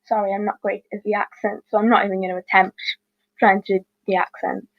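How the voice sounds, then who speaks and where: A woman reading out quiz questions as host, with chatty, apologetic asides and quick self-corrections. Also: medium pitch, little pitch movement, no echo, muffled recording.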